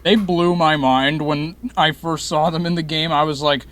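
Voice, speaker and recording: Slightly high young man, casual opinions. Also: fairly even intonation, moderate pace, few pauses. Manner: opinionated, loose, with fillers and restarts. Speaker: panelist in a group review. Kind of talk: casual group chat over a voice call.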